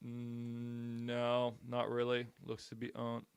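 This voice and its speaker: A man's voice: mid-range voice, monotone, slow pace, gravelly, clean tone, no echo. A man casually commenting on a live stream as he makes cold calls, talking bluntly and upbeat in a salesy way and swearing now and then. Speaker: real estate investor and streamer.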